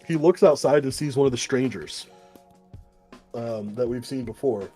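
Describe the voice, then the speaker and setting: A man chats casually on a podcast, retelling a comic issue in loose, run-on bursts. His voice is dark and mellow. Faint music plays beneath the talk. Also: mid-range voice, slightly rough. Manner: rambling retelling with quick put-on voices and swearing. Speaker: podcast co-host. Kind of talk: casual comic book chat.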